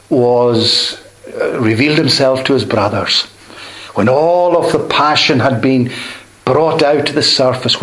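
A man preaching a sermon, expounding scripture with measured emphasis, dropping softly on key words. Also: medium pitch, rough recording.

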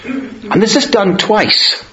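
A man preaching a sermon, measured and emphatic, slowing down on quoted verses. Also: high-pitched, animated, pushed and bright. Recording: dull lo-fi sound in a roomy space.

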